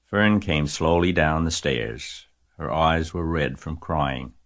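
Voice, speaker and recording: A man narrating a children's novel aloud in a measured, gentle storytelling manner. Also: very deep voice. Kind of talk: audiobook reading of a children's novel.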